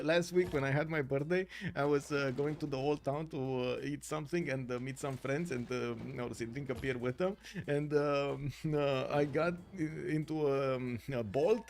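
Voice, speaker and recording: Streaming from a home room, a man from Romania with a Romanian accent gives chatty strategy game commentary, laughing easily and using lots of fillers while hunting for words. His voice is on the high side, with slight background noise.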